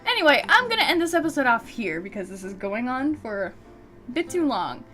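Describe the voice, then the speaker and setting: A woman's voice: sits high, very animated, brisk, sharp tone, faint music behind. A young woman hosting a visual novel playthrough, chatty, rambling and self-deprecating. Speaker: let's play host. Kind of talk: game commentary and reading.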